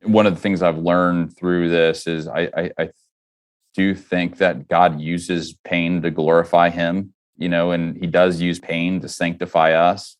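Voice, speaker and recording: A man with a very low voice shares a personal story as a podcast guest. He is middle-aged and speaks earnestly, with halting restarts and many "you know"s. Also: little pitch movement. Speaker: guest, company founder.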